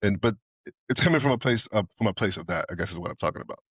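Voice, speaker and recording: A man co-hosting a podcast in candid casual chat, telling animated stories, acting out both sides of conversations and swearing freely. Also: lowish voice, very fast, slightly rough, no echo, studio quality. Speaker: podcast co-host.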